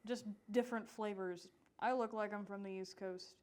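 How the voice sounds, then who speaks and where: Female co-host, mid pitch, blunt and laughing, casual profanity. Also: steady tone, normal speed, darkish tone, clear, resonant tone. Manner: blunt, laughing, swears freely. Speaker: podcast co-host. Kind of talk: casual chat. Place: library podcast room.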